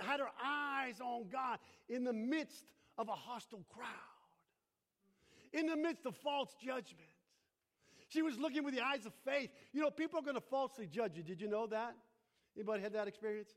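Male pastor with a high voice, delivering a sermon with repetition and questions to the congregation, long hall reverb. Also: normal speed, a bit bright. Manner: repeats phrases for emphasis, asks the congregation questions.

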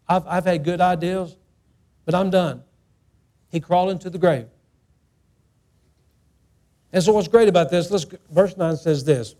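A man with a high-pitched voice preaching in a church. He is an emphatic middle-aged pastor who repeats his phrases and acts out each quote. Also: mellow. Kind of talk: sermon.

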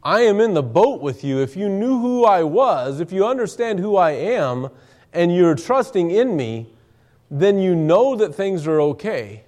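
A male preacher gives an evening sermon in a church, earnestly reading King James scripture aloud and then explaining it. His voice is high-pitched and a little mellow, with big pitch swings and an unhurried pace.

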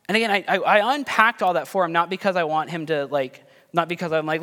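A man's voice: fairly high pitch, expressive, fast talker, a bit bright. A man in his thirties preaching a sermon in a casual, conversational way, with self-deprecating stories about his family. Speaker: pastor. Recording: long hall reverb.

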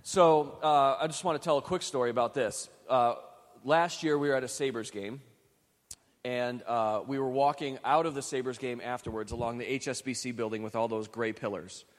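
A man's voice: mid-range voice, fairly even intonation, moderate pace, big-room sound. A man from Western New York preaching a sermon, telling a story in a chatty, self-deprecating way with frequent restarts. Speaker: pastor.

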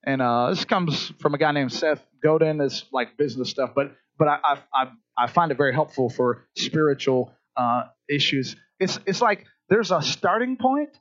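A male pastor with a notably high voice delivers a sermon in a loose, conversational way. He keeps turning to the congregation with "right?" and restarts his sentences often. The recording sounds dull and lo-fi. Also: expressive, moderate pace, few pauses, fairly bright tone.

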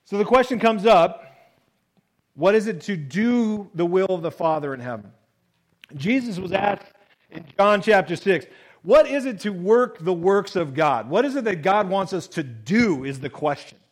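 A male pastor giving a sermon in a conversational way, reading verses and then explaining them, often dropping low and soft on key phrases. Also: animated, moderate pace, low-quality recording. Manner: conversational preaching, reads scripture then explains with acted-out voices.

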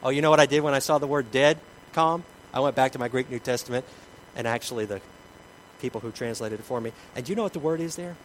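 A man's voice: mid-range voice, fast talker, slight background noise, rough recording. Man preaching with dramatic swings. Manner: dramatic storytelling, swings between loud and hushed. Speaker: pastor. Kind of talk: sermon.

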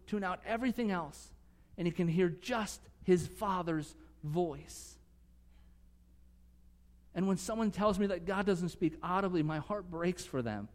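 A man preaching a sermon earnestly, swinging from emphatic conviction to soft, hushed moments. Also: high voice, big-room sound. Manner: earnest, rising to emphatic conviction, dropping to soft near-whispers. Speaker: pastor.

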